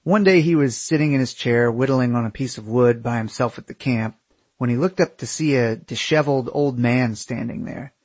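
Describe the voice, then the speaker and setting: Husky male memoir narrator, wry and candid, dry close-miked read. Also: medium pitch, moderate pace, darkish tone, no room sound. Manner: wry, candid, casual swearing. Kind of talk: first-person memoir narration.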